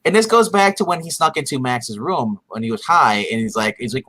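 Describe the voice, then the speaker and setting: Casual male podcaster, bright tone, rambly recap full of "you know" and quick voiced-out quotes. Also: mid-range voice, rough recording. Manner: rambling, filler-heavy, acts out characters' lines in animated bursts. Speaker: podcast co-host recapping a TV episode. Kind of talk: casual chat.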